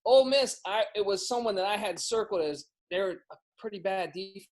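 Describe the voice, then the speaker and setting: A man with a high voice for a man, breaking down games as a guest on a sports podcast. He talks quickly and loosely, stumbling and restarting phrases as his thoughts run ahead. He comes across as a casual, chatty analyst on a video call. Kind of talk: casual sports betting talk.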